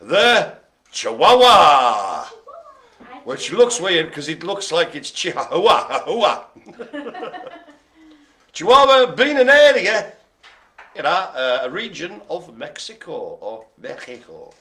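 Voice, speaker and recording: A man's voice: high-pitched, very animated, slow pace, a bit bright. A man hosting a live bingo game, calling out numbers and rambling through jokey asides. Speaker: bingo host.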